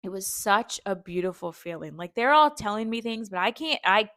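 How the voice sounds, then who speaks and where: A woman's voice: medium pitch, expressive, moderate pace, fairly bright tone, no echo, clean studio sound. A young woman hosting a podcast, telling a personal story in a heartfelt, rambling way with many fillers and restarts. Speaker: podcast host.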